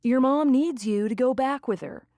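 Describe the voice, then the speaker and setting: Woman reading as a gentle cowboy dad. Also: high-pitched, moderate pace, no room sound, clean studio sound, pitched above the performer's own voice. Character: gentle cowboy father, adult man.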